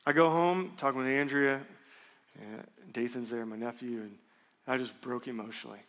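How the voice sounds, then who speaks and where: A man in his thirties preaching a sermon, telling a personal story in a candid, conversational and animated way. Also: medium pitch, moderate pace. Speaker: pastor. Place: church sanctuary. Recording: long reverb of a church hall.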